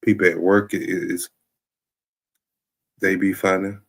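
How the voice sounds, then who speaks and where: A man's voice: deep voice, level tone, a little slow. A man talking in a loose, rambling comedic monologue as a stream host, often checking in with "you know what I'm saying". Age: adult.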